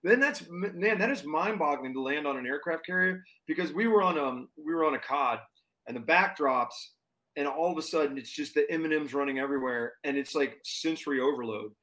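A man telling a story in casual chat, animated and full of fillers and restarts. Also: a little high, brisk. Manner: animated, lots of fillers and restarts, acts out quotes. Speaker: touring performer guest.

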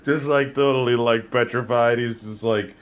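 A man in casual podcast chat, wry and quick to laugh. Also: mid-range voice, steady tone.

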